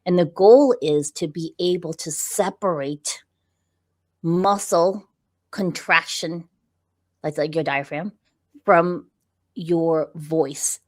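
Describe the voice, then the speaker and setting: Middle-aged woman with a low voice, lively coaching tone, keeps checking the listener follows. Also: slow, pauses often. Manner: animated and explanatory, frequent "right?" check-ins. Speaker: podcast guest, visibility coach. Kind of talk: conversational interview.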